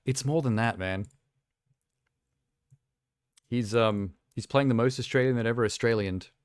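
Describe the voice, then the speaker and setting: A man's voice: mid-range voice, a little slow, clear, resonant tone, dry recording, studio quality. A young man live streaming, chatting casually and rambling with self-amused asides while reacting to trailers.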